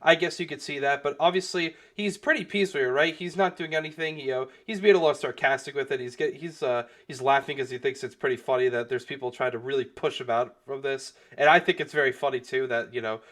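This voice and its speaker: A man's voice: mid-range voice, fast, few pauses, a bit bright. A young man giving casual commentary on a video, rambling with lots of fillers and restarts and swearing freely. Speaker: commentary youtuber.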